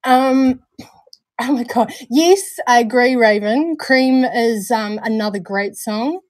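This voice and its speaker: A woman's voice: a little high, slow pace, darkish tone, no room sound. Bubbly laughing New woman. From New Zealand. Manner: bubbly, laughs often, calls people darling. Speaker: livestream co-host. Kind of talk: casual live-stream chat.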